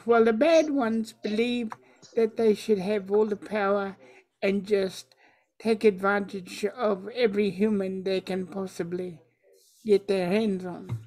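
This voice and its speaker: A woman's voice: medium pitch, fairly even intonation, unhurried, a little mellow, natural voice. A woman playing an earnest friendly vampire. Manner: earnest, explaining patiently.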